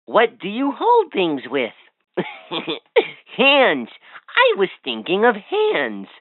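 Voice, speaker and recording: These are toy voice lines from a woman with a mid-range voice, recorded without echo. Sounding like a cheerful, chatty talking toy through a tinny, dry speaker, she quizzes and teases a child in a playful sing-song.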